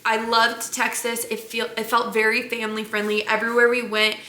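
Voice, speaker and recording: A young woman vlogger telling a family travel story in a chatty, animated way, full of "like". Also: fairly high pitch, fairly quick. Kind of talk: casual storytelling chat. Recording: echoey room, faint noise.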